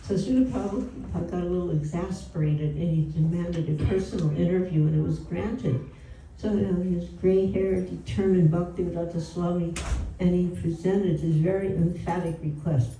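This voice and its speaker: A woman's voice: lowish voice, moderate pace, dark tone, a little hiss or hum. A woman telling a story at a devotional home program, in a conversational way with lots of "you know" asides. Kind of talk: storytelling talk. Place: indoor gathering room. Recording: roomy and distant from the mic.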